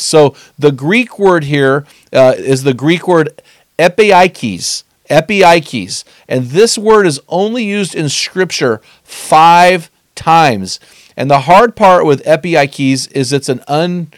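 A man's voice: on the high side, no room sound. Earnest man teaching scripture, dry sound. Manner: earnest, emphatic, stretches key phrases.

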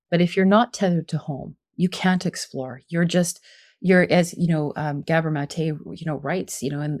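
Middle-aged female expert guest, low-pitched, earnest, explanatory, casual fillers. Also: a little mellow. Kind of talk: conversational interview.

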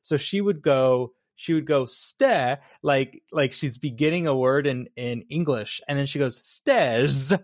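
A man's voice: mid-range voice, moderate pace, hardly any pauses, dry recording. Blunt opinionated guy chatting movies, dry sounding mic. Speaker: podcast co-host. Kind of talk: casual movie review chat.

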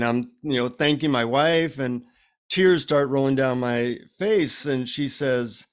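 A middle-aged man, an author, telling a story in an animated conversational way and acting out the dialogue. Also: medium pitch, unhurried, clean tone. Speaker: author guest.

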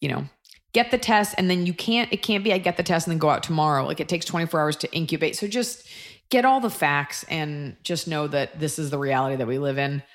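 A woman in her thirties co-hosting a casual advice chat, blunt and emphatic with quick asides. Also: sits low. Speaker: podcast co-host giving advice.

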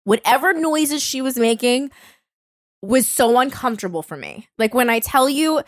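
A woman in her thirties telling a story in casual chat, animated and swearing freely. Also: high-pitched, moderate pace, dry recording, clean studio sound. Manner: animated, swearing, voices others in quotes. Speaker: storyteller on a podcast.

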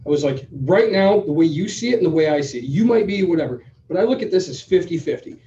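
A man co-hosting a podcast, telling a story in a casual, animated way and acting out both sides of the conversation. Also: on the high side, fast. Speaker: podcast co-host. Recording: roomy, distant, dull sound.

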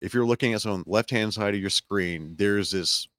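A man's voice: fairly low pitch, normal speed, fairly bright tone, dry recording. A man with a Southern American accent, hosting a casual podcast chat and telling a rambling story full of fillers. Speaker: podcast host.

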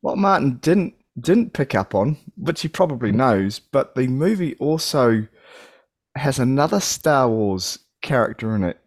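Chatty podcast host, lively voice. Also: male voice, mid-range voice, a little slow, no room sound, studio quality. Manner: chatty, laughs often, restarts. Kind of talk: casual chat.

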